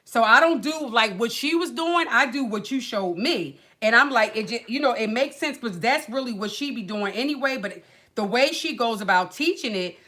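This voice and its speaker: A woman hosting a livestream, telling an animated, colloquial story with acted quotes and sighs. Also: on the high side, moderate pace. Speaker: livestream host. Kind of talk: casual chat, venting story.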